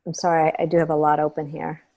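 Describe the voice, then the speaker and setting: A woman hosting a meeting, giving a chatty hands-on software tutorial and often checking in with her listeners. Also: deep voice, completely flat delivery, quick pace. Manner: chatty and instructive, checks in with "okay?". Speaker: meeting host.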